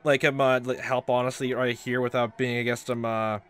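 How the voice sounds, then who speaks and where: A man's voice: mid-range voice, level tone, brisk, fairly bright tone, clear, resonant tone. A man giving casual let's play commentary, rambling and exasperated, full of fillers and swearing.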